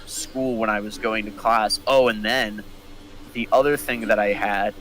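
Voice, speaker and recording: A young man, a podcast co-host, telling a story in casual chat and acting out the quotes with big jumps in pitch. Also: fairly even intonation, a little slow, a bit bright, slight background noise, poor audio.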